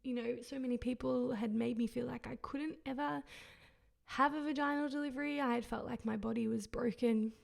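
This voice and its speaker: A woman's voice: fairly high pitch, steady tone, fairly quick, creaky. A woman hosting a podcast, telling a personal story in an emotional, reflective way and often searching for words. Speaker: podcast host.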